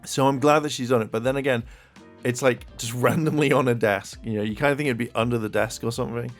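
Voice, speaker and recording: A man giving a casual, rambling video review of an episode, full of fillers and restarts and growing excited at times. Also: medium pitch, fast talker, soft background music.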